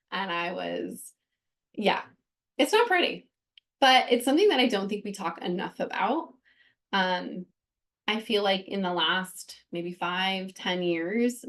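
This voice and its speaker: A woman's voice: fairly low pitch, a bit bright. A woman hosting a podcast, talking candidly and earnestly about her own experience, with frequent fillers and restarts. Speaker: podcast host. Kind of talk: candid personal talk.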